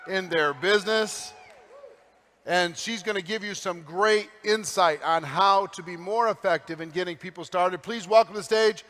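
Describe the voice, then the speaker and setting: A man's voice: high-pitched, bright, forceful tone. A man enthusiastically introducing a speaker to a conference crowd. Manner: enthusiastic, effusive. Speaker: event emcee. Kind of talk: stage introduction. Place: large convention hall. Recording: echoey hall reverb.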